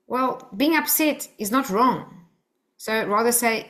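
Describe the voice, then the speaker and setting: A woman teaching a live workshop, coaching the group gently and acting out phrases to say to children. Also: fairly high pitch, expressive, moderate pace. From Australia.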